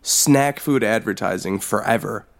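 A podcast co-host in casual comedic chat, laughing often and gushing in an animated way. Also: medium pitch, unhurried.

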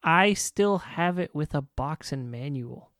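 A man's voice: fairly high pitch, expressive, takes it slowly, a bit bright, no echo, studio quality. A man hosting a casual podcast chat with friends, joking and laughing often. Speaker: podcast host.

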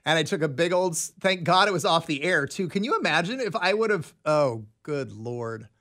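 A man guesting on a radio show, telling self-mocking stories in an animated way. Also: fairly high pitch, normal speed. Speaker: in-studio guest. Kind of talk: casual radio banter. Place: radio studio.

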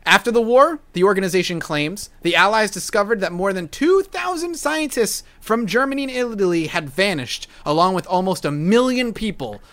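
Animated, bright-voiced male podcast host. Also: high voice, normal speed, few pauses. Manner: animated, profane and enthusiastic. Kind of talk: casual chat.

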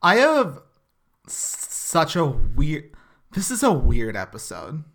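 A man co-hosting a comedy podcast, chatting casually with deadpan jokes. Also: a little high, slow. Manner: deadpan jokey asides. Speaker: podcast co-host.

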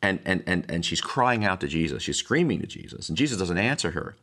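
A man's voice: sits low, very animated, a little fast, a bit bright. A man, older, speaking as a pastor and podcast host in a reflective teaching monologue, wandering through asides and restarts. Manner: rambling, many restarts and asides.

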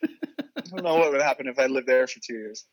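A young man telling stories in a casual podcast chat, animated and laughing often. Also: medium pitch, a little fast, poor audio. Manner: laughs often, animated storytelling with quoted voices. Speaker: guest.

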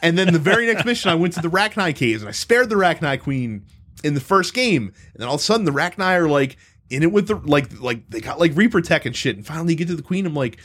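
A man's voice: fairly high pitch, fast talker. Rambling, profane man chatting about games. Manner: rambling, profane, animated storytelling with frequent restarts. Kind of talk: casual gaming chat.

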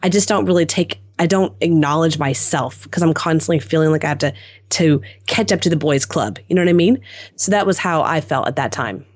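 A woman guest and entrepreneur telling a story in a casual interview, chatty and animated with frequent restarts. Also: sits low, fairly quick, no room sound. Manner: animated, chatty, many restarts and "you know".

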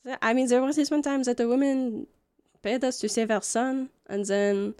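This is a bitter ex-wife turned swaggering rogue, brash and foul-mouthed, mocking at every turn, as a woman puts her on as game master. Her voice sits fairly high. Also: fairly even intonation, moderate pace, warm tone, smooth, natural voice.

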